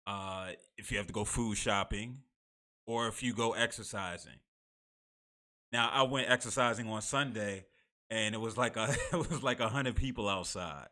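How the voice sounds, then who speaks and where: Philly guy hosting his live show, kinda low voice but bright, chatty, laughs a lot. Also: moderate pace. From United States. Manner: conversational, laughs between remarks, many restarts. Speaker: host and moderator of a live online show. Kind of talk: casual talk-show monologue.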